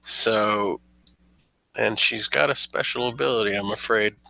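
A man running a tabletop horror game as game master, narrating in an animated, chatty way with playful menace. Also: on the low side, measured pace, gravelly, no room sound, low-quality recording.

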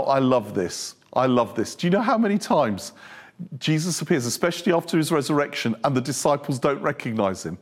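A male preacher giving a humorous, animated sermon full of storytelling. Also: medium pitch.

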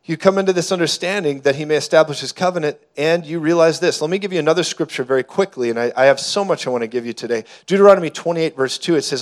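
A man preaching a fervent sermon to a congregation in a church, building at times to shouts. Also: a little high, fast talker, few pauses. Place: church hall before a congregation.

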